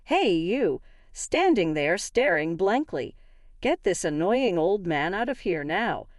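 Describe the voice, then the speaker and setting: A woman voicing a rude, arrogant male company director who shouts and sneers with disdain. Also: lowish voice, sing-song, slow, no echo, clean studio sound. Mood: sneering.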